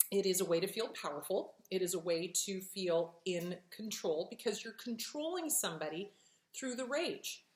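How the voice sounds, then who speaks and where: Animated woman with a blunt, swearing style. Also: medium pitch, echoey room. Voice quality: animated, acts out voices in quotes. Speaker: host answering relationship questions. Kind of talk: casual talk, emphatic and profane.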